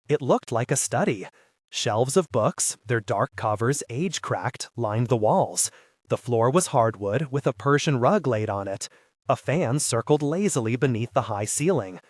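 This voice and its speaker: A man reading an audiobook as its narrator, in a steady, measured storytelling voice. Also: mid-range voice, breathy edge, no echo, clean studio sound. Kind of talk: scripted narration.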